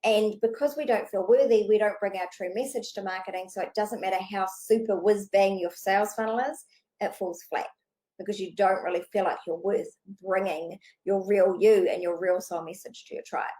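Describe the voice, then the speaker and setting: A woman business coach talks unscripted straight to camera, fast and animated, casual and swearing freely. Her voice is medium-pitched and the recording is rough.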